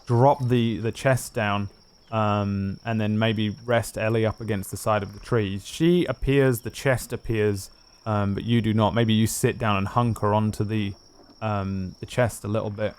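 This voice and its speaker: Low-voiced rambling game master. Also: male voice, fairly even intonation, unhurried, clean tone. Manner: loose, rambling, many fillers. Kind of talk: narrating a tabletop game.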